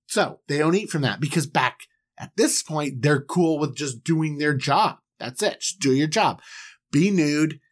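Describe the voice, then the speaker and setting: A man casually retelling an old story for laughs, playful and jokey, slipping into quick character voices. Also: a little high, expressive. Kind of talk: comedic Bible retelling.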